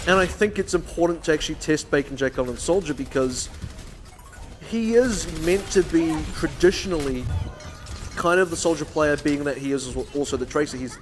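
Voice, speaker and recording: A man's voice: on the high side, soft background music. Analytical male esports caster. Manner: analytical, measured play breakdown. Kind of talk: live esports commentary.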